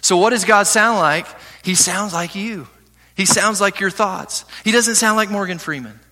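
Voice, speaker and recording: A man preaching a sermon as pastor, reading scripture slowly and asking his listeners questions. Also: high voice. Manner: animated preaching, reads scripture slowly, asks the audience questions.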